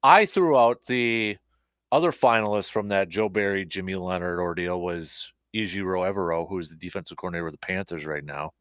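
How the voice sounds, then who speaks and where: A man's voice: low-pitched, a little fast, a bit bright, no echo, studio quality. A man hosting a casual sports talk show. He rambles a bit, with plenty of fillers and restarts. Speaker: host.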